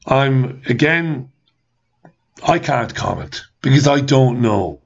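A man's voice: medium pitch, animated, takes it slowly, gravelly, breathy edge, highs cut off. A man hosting a talk show, ranting angrily with repeated rhetorical questions and swearing. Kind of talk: ranting monologue reading listener comments.

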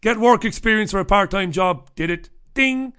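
A man's voice: sits high, fairly quick, a bit bright, smooth. A middle-aged man hosting a radio show, rambling through a checklist with irreverent, profane humor. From Ireland. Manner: rambling, irreverent, swears freely. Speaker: radio host. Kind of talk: casual comic monologue.

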